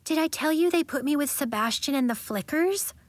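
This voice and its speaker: Talkative schoolgirl read by a woman, bright and lively, dry close sound. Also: high voice, brisk, no echo, pitched above the performer's own voice. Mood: chatty. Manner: chatty, giggly storyteller. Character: chatty schoolgirl who makes things big.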